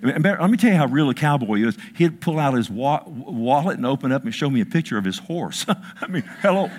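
A pastor delivers a sermon through emphatic storytelling, his mid-range voice swinging widely in pitch at a fairly quick pace. He drops to a hush and then rises again, peppering his talk with asides like "listen" and "I mean."

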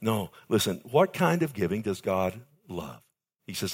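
An older man preaching a sermon as pastor, calling out to his congregation and stretching key phrases slowly for emphasis. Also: very animated, slightly rough. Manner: emphatic preaching with sudden high pitch jumps and slowed key phrases; calls out to congregation with "amen" and "loved one".

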